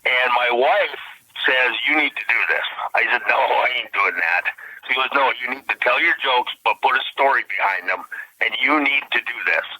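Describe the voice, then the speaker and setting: A man's voice: medium pitch, animated, normal speed, bright, forceful tone, no room sound. A man with a strong Minnesota accent, a comedian guest telling folksy, blunt stories on a phone call. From Minnesota Iron Range. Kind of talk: casual storytelling on a phone call. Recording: phone line.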